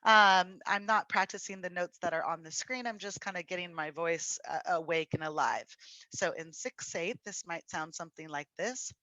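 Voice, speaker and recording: A woman's voice: on the low side, bright, forceful tone, dry recording. A woman teaching a music theory exam-prep lesson, patiently explaining and encouraging students she calls friends. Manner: slow, patient explaining with fillers. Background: faint piano.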